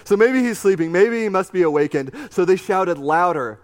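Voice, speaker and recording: A man preaching a sermon, reading scripture and adding animated, conversational asides with a joking streak. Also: sits high, moderate pace. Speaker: pastor.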